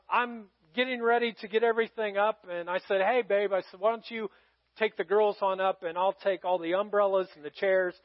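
A middle-aged male pastor telling a personal story in a sermon, conversational, swinging from loud calls to hushed moments. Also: high-pitched, no room sound, highs cut off.

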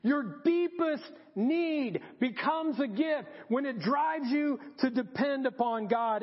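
Slow, very high-voiced male preacher. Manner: repetitive, emphatic preaching. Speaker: pastor. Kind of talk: sermon. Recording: dull recording with long hall reverb.

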